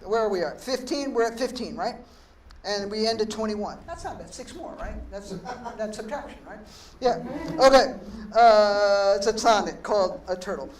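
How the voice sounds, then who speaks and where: A man's voice: high voice, lively intonation, normal speed. Middle-aged man rambling between poems. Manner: rambling, profane, self-deprecating asides. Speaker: poet and performer. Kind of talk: live spoken-word performance with banter. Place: art gallery, live performance. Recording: echoey room, distant mic, faint noise.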